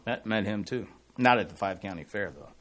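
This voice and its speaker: A man's voice: on the low side, a little fast. A middle-aged man, co-hosting a casual radio talk show and telling long rambling stories. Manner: rambling storyteller, animated when excited. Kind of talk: casual on-air chat.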